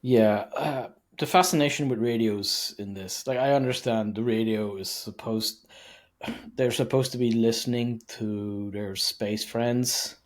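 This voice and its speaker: A man's voice: fairly low pitch, fairly even intonation, measured pace. A man co-hosting a podcast, ranting about a film in casual chat with exasperated sarcasm. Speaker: podcast co-host.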